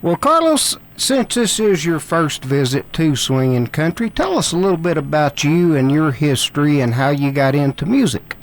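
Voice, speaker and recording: A man's voice: on the high side, lively intonation, moderate pace, hardly any pauses, low-quality recording. A man hosting a country radio show and interviewing a guest in a cheerful announcer manner. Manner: cheerful announcer delivery, addressing listeners as folks.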